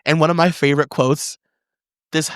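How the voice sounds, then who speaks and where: A man's voice: on the high side, steady tone, normal speed, a bit bright, clear, resonant tone, no room sound. Young adult man, casual podcast co-host, enthusiastic, dry close mic. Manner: enthusiastic, laughs often, uses 'like' a lot. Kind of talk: casual chat.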